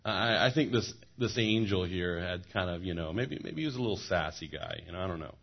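A man preaching a sermon as pastor, animated, with joking asides and repeated words, on a dull lo-fi recording. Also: low-pitched, brisk, creaky.

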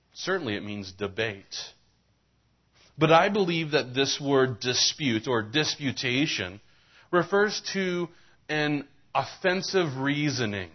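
A man's voice: medium pitch, dull audio. A man preaching a sermon as a pastor, reading scripture and telling folksy jokes.

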